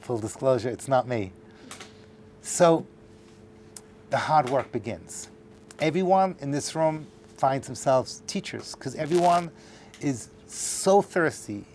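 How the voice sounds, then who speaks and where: A man's voice: mid-range voice, animated, slow, pauses often, a little mellow, slight background noise. A middle-aged man, a rabbi teaching a class, telling a long story with acted-out dialogue and joking asides to a live audience in a lecture hall.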